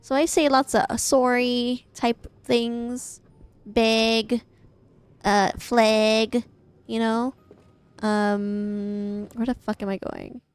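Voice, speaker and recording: Gaming on a live stream from her home, this young woman from the Midwest chats loosely, cursing and laughing often. She speaks slowly in a slightly high, steady voice that sounds clean and somewhat dark.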